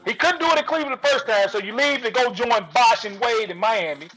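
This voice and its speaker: Male co-host, high husky voice, brash trash-talker, faint music bed. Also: quick pace, rough recording. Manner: loud, emphatic, trash-talking. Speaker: podcast co-host. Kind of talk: heated sports debate.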